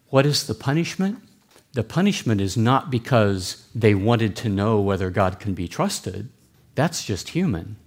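Deliberate, earnest man preaching. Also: on the low side, very animated, husky. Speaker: pastor. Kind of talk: sermon. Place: church.

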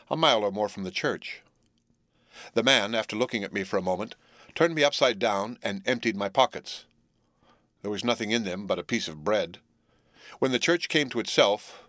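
Low-voiced man reading an audiobook. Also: a bit bright, no echo, studio quality. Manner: measured, deliberate literary reading. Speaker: audiobook narrator. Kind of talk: scripted narration of a classic novel.

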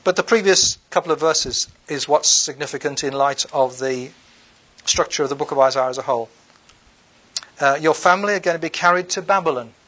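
A man, his voice set a little high, gives an unscripted bible lecture. He reads passages aloud and then talks them through in a loose, conversational way, often pausing on ums and uhs and restarting his sentences. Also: a bit bright. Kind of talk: unscripted lecture with scripture readings.

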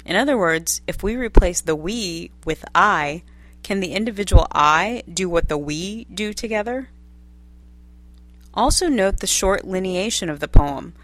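A woman reading a scripted literature lesson in a measured way, posing study questions one after another. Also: lowish voice. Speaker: lecturer reading course text.

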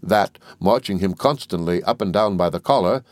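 A man narrating a classic novel as an audiobook reader in a measured, even delivery. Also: low-pitched, no echo.

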